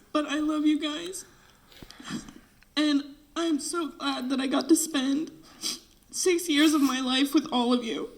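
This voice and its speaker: Tearful high-voiced teenage girl. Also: low-quality recording. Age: late teens. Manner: tearful, heartfelt, breaks off to apologize. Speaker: graduating senior flute player. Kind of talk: emotional farewell speech. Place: band room.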